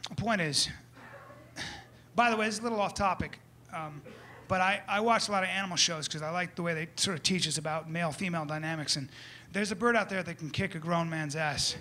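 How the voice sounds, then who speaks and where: A man performing stand-up comedy before a live audience, animated, with loud outbursts and acted-out voices. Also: a little high, brisk. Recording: live room with crowd noise.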